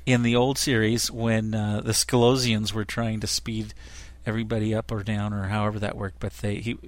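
A man's voice: lowish voice, little pitch movement, moderate pace, dry recording. A middle-aged man co-hosting a casual review, talking enthusiastically and rambling with many fillers. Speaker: co-host reviewer.

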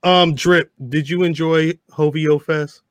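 A man hosting a rowdy live podcast, loud and laughing, talking over the others in casual chat. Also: a little high, flat delivery, measured pace, heavy background noise. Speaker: podcast host.

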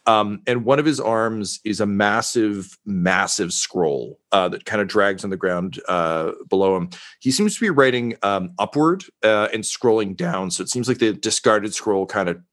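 Low-voiced man running a tabletop game. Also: normal speed, hardly any pauses, fairly bright tone. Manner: full of fillers and restarts. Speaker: game master.

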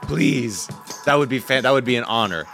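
A man's voice: mid-range voice, expressive, moderate pace, gravelly, a bit bright, soft background music. A man co-hosting a podcast, chatting loosely and joking, often laughing between lines. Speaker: podcast co-host. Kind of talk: casual chat.

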